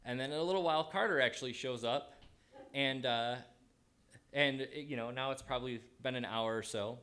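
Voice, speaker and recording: A man telling a personal story in a casual, animated way, acting out his own thoughts as he goes. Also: medium pitch, normal speed.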